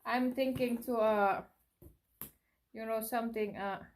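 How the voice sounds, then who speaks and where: A middle-aged woman talks through a casual unboxing vlog. Her voice sits a little high, and she speaks slowly and unhurriedly. She gushes, exclaiming and repeating herself as she goes. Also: steady tone. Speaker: vlogger.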